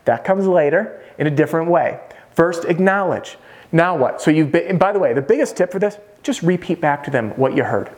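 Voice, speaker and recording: A man's voice: a little high, animated, a little fast. A man coaching roofing salespeople in a casual, direct way, talking straight to the viewer. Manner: direct and conversational, addressing the viewer as "you". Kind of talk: casual instructional talk to camera.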